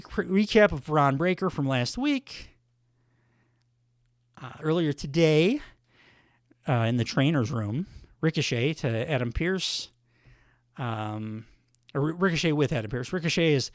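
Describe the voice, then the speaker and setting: A man's voice: medium pitch, dry recording, clean studio sound. A man hosting a solo podcast in a casual recap style, rambling with lots of fillers and self-corrections. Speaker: podcast host.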